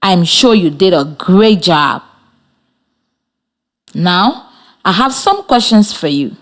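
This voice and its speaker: A woman radio teacher talks slowly and deliberately. Her pitch moves a lot as she encourages young listeners. She gives each instruction one step at a time. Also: lively intonation. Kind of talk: radio classroom lesson.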